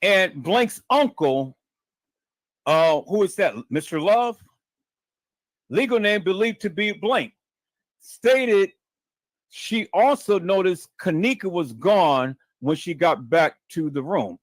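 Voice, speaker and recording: A man with a high voice hosts a live stream and reads a report aloud, stopping to comment. He talks slowly and dramatically, repeats words and stammers, and keeps calling out to his viewers. The sound is dry and close. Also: lively intonation, no room sound.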